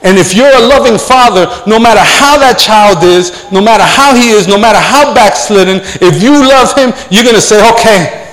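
A man with a notably high voice preaches with fervor, repeating his words as he builds each point. His voice rings out with long reverb, as if from a church sanctuary. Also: fairly bright tone. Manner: fervent preaching with a personal story, repeats words. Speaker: pastor. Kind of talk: sermon.

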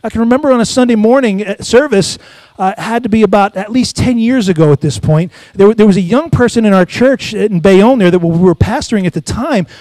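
A man's voice: high voice, brisk, a little mellow, no echo. A middle-aged man preaching a sermon, telling personal stories and calling for amens from the congregation. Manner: call-and-response preaching, asks congregation for amens. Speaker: pastor.

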